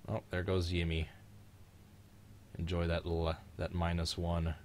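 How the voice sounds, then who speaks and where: Deep-voiced joking young man. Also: normal speed, slight background noise. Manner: joking, excitable, mild swearing. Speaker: host of a live-streamed racing reaction show. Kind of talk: casual live-stream race commentary.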